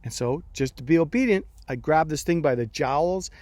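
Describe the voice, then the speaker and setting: A man's voice: on the high side, expressive, normal speed, a little mellow, dry recording. A middle-aged man, a pastor, telling a personal story in a devotional talk, acting out his own reactions as he goes.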